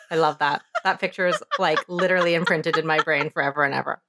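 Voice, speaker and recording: A woman co-hosting a casual podcast chat, animated and slangy, swearing freely. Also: low voice, fairly quick, no room sound, studio quality. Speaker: podcast co-host.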